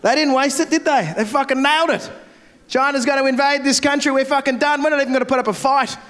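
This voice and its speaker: A man's voice: very high-pitched, steady tone, fairly bright tone. A young Australian man doing a brash, crude stand-up set on a festival stage, speaking into a handheld mic. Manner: brash, crude, rapid-fire. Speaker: stand-up comedian.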